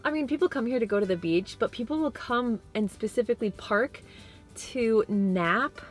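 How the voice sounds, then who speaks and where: A woman's voice: fairly high pitch, normal speed, faint music behind. Bubbly young woman vlogging. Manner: bubbly, gushing, excitable. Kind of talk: casual vlog narration. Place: car and beach outdoors.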